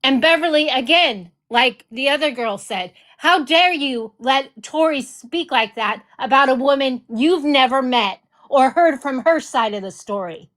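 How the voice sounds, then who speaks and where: A woman's voice: sits high, lively intonation, measured pace, hardly any pauses, a bit bright. A woman hosting a reaction video, ranting furiously in heated commentary, swearing and repeating her accusations. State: enraged.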